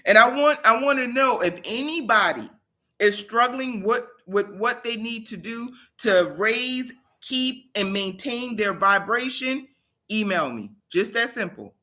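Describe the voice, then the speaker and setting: A woman's voice: mid-range voice, sharp tone. A woman hosting a motivational livestream, speaking emphatically with preacher-like repetition and talking directly to her viewers. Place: home in South Carolina.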